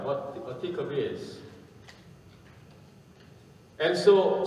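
A man preaching a sermon and telling a story, speaking haltingly with pauses and fillers, recorded from far off in an echoey hall. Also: a little high.

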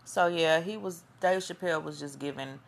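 Woman podcast host, low gravelly voice, rambling casual monologue. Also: normal speed. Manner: chatty, rambling, loses her train of thought.

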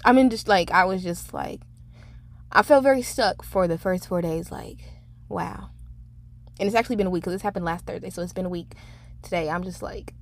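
A woman's voice: fairly low pitch, brisk. A young woman in her twenties hosting her own podcast, talking in a rambling, candid way with lots of fillers and some swearing. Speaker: podcast host. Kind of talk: casual solo podcast monologue.

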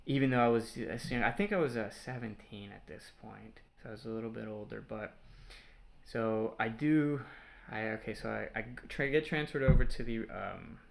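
A young man from Mexico, a guest in an interview, telling a personal story in a halting way with many fillers and restarts. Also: on the low side, creaky, a little hiss or hum. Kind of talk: casual personal testimony.

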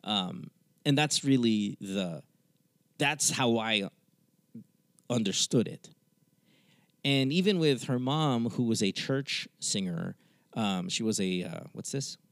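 A man's voice: on the low side, slow pace, long pauses, dry recording, studio quality. A man in his thirties from the Philippines, a podcast host telling a candid personal story, swearing and acting out the people in it. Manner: candid, swearing, animated retelling with quoted voices. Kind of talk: casual storytelling.

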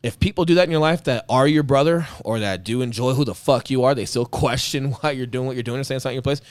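A middle-aged man, a former Marine, tells a story in a loose, casual way. He swears freely and acts out other people's lines with energy. His voice sits at a middle pitch in a dry, close recording. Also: fast talker, dry recording. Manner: profane, animated, acts out quotes. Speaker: Marine veteran and podcast guest.

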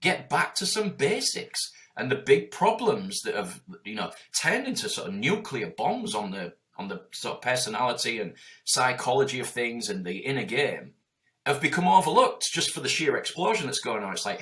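A man's voice: medium pitch, sing-song, normal speed, a bit bright. A man in his forties speaking in a passionate, emphatic and heavily profane conversational way as a guest. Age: 40s.

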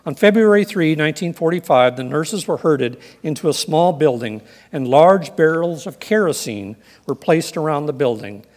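A man preaching a sermon in an earnest, measured way, reading scripture and telling stories. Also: fairly high pitch, animated, darkish tone, in a large hall. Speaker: pastor.

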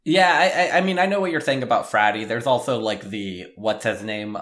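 A man's voice: mid-range voice, fairly quick, a bit bright. A young man co-hosting a casual comedy podcast, wry and teasing, often restarting his sentences. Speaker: podcast co-host.

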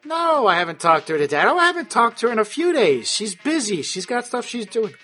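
A man's voice: very high-pitched, sing-song, fairly quick, sharp tone, faint music behind, pitched above the performer's own voice, full character voice. A man voicing a brash, swearing gangster boss who lectures and scolds. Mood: dismissive.

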